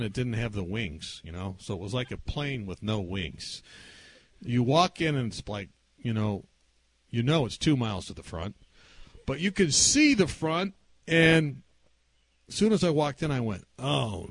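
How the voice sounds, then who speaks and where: A man preaching a sermon through a personal story, animated and swinging between loud and hushed delivery. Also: mid-range voice, no room sound.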